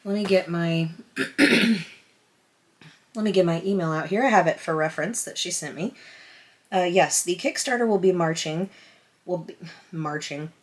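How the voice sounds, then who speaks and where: A woman with a slightly low-pitched voice talks to her viewers from behind a camera on a stand. She unboxes a tarot deck in a casual, chatty way, gushing and flustered, often restarting her sentences. She is openly emotional and near tears. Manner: excited, flustered and rambling, with many restarts. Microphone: camera on a stand at a table.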